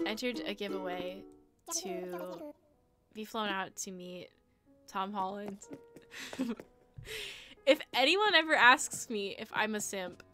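Her voice mid-range and sharp in tone, the young woman livestreams a game and chats casually. She rambles, giggles, and pokes fun at herself while game music plays.

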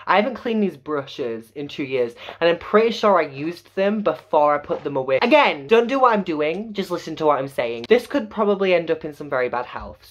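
A young man from Yorkshire with a Yorkshire accent, chatting casually and going off on tangents in a home makeup vlog. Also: a bit bright. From Yorkshire, England. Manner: chatty and tangential, with sudden high exclamations. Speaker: vlogger. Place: home bedroom.

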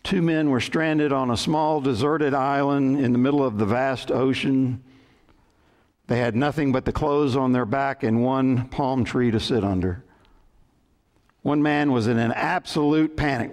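Man, pastor, sermon, mid pitch, measured scripture reading, lighter joke telling. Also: fairly even intonation, darkish tone. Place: church sanctuary.

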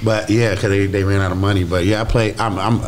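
A man's voice: fairly low pitch, steady tone, fast talker, a little hiss or hum. A man, an actor guest, chatting loosely in an interview and laughing as he talks. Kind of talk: casual interview chat.

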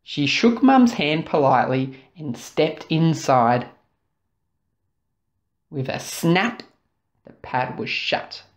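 Low-voiced Australian woman reading a storybook. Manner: slow, expressive storytelling. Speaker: storybook reader. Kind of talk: reading a children's picture book aloud.

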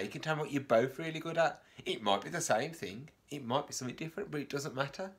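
A man, a reception class teacher, reads a picture book aloud for a remote lesson. He is animated, gasps at turns in the story, and asks the children questions. His pitch sits in the middle. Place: home, remote lesson video.

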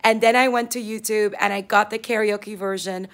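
A woman teacher with a raspy voice in a casual vlog, upbeat as she walks through her classroom lessons and materials. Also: mid-range voice, steady tone, moderate pace, a bit bright. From South Florida. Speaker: fourth grade teacher.

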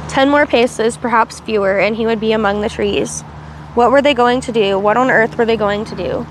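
A woman's voice: fairly high pitch, normal speed. Woman reading a novel aloud, faint traffic. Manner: reads with small slips and restarts, asides in between. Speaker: reader.

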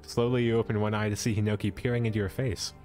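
A man's voice: fairly low pitch, flat delivery, quick pace, darkish tone, soft background music. A man streamer reading an adventure storybook aloud, breaking off for playful asides. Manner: playful asides and laughs between narration.

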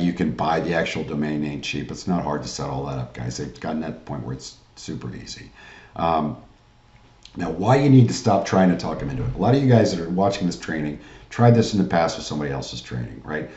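Low dark-voiced man giving a sales training. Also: reverberant, lo-fi sound. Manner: pushy salesman pep talk, frequent "guys" and "right?". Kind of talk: online training lecture.

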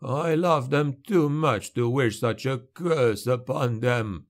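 Man putting on an old patriarch, lisping, despairing, slow drawn-out words, audiobook. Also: mid-range voice, natural voice. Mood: resolute. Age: older. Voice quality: lisp. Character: old grieving male patriarch, frail, lisping.

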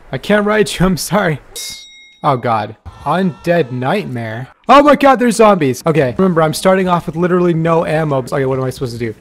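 An excitable man narrating his own gameplay in a fairly high voice. He laughs and blurts out reactions constantly, switching between panic and amusement as a let's play host. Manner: excitable, frequent laughs and exclamations. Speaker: gaming YouTuber.

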